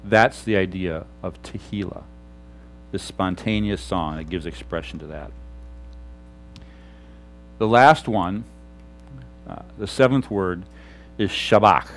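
A middle-aged man, a pastor, preaching an animated sermon on a lapel mic. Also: lowish voice. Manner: animated, shouts examples.

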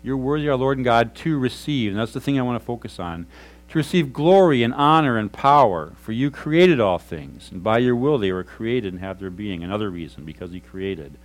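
A middle-aged man preaching a sermon as pastor, earnest and conversational, dropping to soft, hushed tones for prayerful lines. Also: medium pitch, expressive, fairly quick, low-quality recording.

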